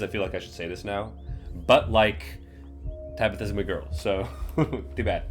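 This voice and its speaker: A man's voice: fairly low pitch, fairly even intonation, moderate pace, faint music behind. A man playing a story game, joking, swearing and reading the lines aloud. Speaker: gamer. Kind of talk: let's play commentary and reading.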